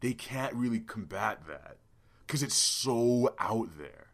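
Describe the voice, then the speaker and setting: A young man co-hosting a podcast in brash, profane, excitable casual chat. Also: medium pitch, slow pace, creaky. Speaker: podcast co-host.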